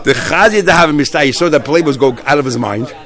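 A man teaching a Talmud class, retelling stories in a lively, halting way with many restarts. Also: fairly high pitch. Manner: animated storyteller, many restarts and fillers.

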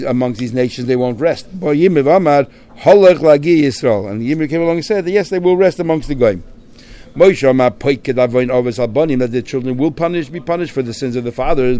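A man's voice: fairly high pitch, darkish tone. Man teaching Talmud in English. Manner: mixes Hebrew and Aramaic phrases into English, repeats words. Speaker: Torah teacher. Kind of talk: Talmud class, reading and translating.

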